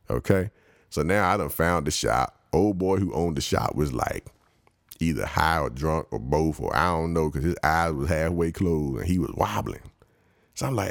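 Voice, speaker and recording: A man with a deep, gravelly voice tells a travel story in casual, slangy talk, laughing often. His pitch swings widely as he acts out the people he met, and the sound is dry and close. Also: animated, moderate pace, no echo. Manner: slangy, conversational.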